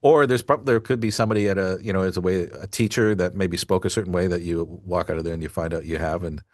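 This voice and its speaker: A man's voice: low-pitched, fairly even intonation, fast talker, a little mellow, dry recording, clean studio sound. A man hosting a podcast, rambling in casual chat with many asides. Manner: rambling, full of fillers and asides. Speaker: podcast host.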